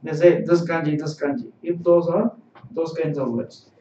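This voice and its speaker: A man's voice: on the high side, fairly even intonation, normal speed, warm tone. A man teaching a live-streamed language lesson, explaining patiently and repeating phrases. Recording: roomy, distant, dull sound.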